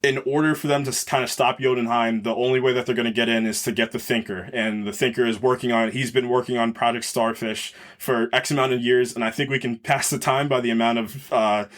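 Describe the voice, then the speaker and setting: A man talks through a movie review on a podcast, relaxed and unscripted. He rambles and restarts, reaching for the right word as he goes. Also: medium pitch, fast, hardly any pauses. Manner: rambling, searches for words mid-sentence. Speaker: podcast host. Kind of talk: casual film review chat.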